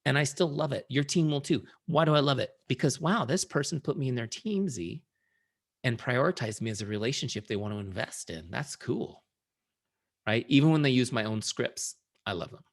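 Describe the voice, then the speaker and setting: A middle-aged man who is a founder and sales trainer, giving an energetic, conversational training talk and often checking in with his audience. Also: mid-range voice, moderate pace, gravelly. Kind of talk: live training presentation.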